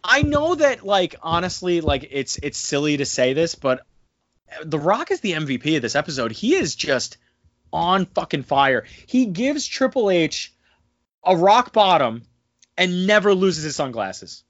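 A man co-hosting a casual wrestling recap podcast, talking animatedly and slipping into excited impressions now and then. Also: a little high, unhurried, no echo, muffled recording. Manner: animated, breaks into excited mimicry. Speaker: podcast co-host.

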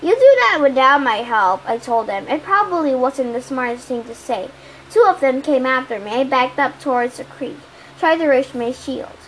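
Woman reading a book out loud, high voice, little restarts here and there. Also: normal speed, a little hiss or hum, rough recording. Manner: first-person storytelling with small restarts. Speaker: reader. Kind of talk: reading a novel aloud.

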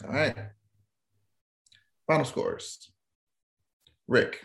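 Slow-talking teasing podcast host, man. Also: medium pitch, animated, creaky, a bit bright. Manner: teasing and jokey, laughs often. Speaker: podcast host running a music quiz. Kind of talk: casual podcast chat.

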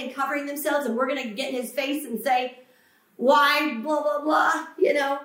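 A woman with a high voice delivers a fervent sermon, acting out the voices of the people she quotes and driving points home through repetition. She is picked up from some way off the mic, and the room echoes around her. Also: moderate pace, fairly bright tone, distant mic. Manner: impassioned, acts out quoted voices, emphatic repetition. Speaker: preacher.

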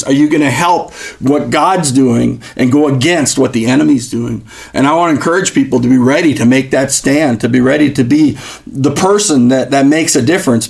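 A man's voice: medium pitch, gravelly, darkish tone. A man hosting a podcast who speaks in an earnest, exhorting, preaching style, with frequent fillers. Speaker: podcast host.

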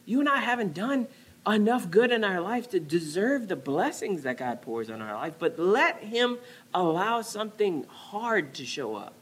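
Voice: medium pitch, sing-song, moderate pace, a bit bright, husky. A pastor preaching a conversational sermon, often dropping to a near-whisper on key words.

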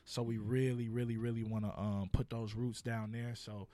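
A young man from Los Angeles with a relaxed LA accent talks in an easygoing, slangy way as a podcast guest. His voice sits at an ordinary middle pitch. He draws his phrases out at an unhurried pace. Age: young adult. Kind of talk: casual chat.

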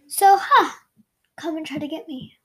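A woman's voice: sits high, a little slow, fairly bright tone, voice pushed up. A woman voicing a boastful runaway turkey who teases the people chasing it, in a told story. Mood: taunting. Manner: taunting, sing-song boasts.

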